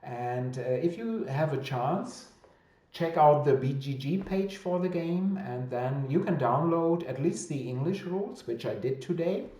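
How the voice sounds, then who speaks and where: Man, thick German accent, casual stream host, slow, roomy echo. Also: fairly high pitch, animated, warm tone. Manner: hesitant with many fillers and restarts, laughs easily. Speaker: host of a weekly publisher chat. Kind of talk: casual livestream chat reading viewer comments.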